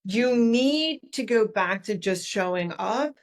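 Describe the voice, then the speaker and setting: A woman speaks as a guest on a podcast, laying out her ideas in an explanatory, animated way. She sometimes acts out little greetings to show how tone changes the meaning. Her voice sits at an ordinary middle pitch. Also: slow pace. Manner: animated, demonstrates tones of voice while explaining. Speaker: author and leadership consultant, guest. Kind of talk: podcast interview.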